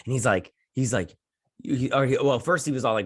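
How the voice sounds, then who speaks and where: A man hosting a casual episode recap, rambling along and acting out characters' lines in quick quoted bits, swearing now and then. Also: lowish voice, expressive, breathy edge, dry recording, clean studio sound. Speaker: host.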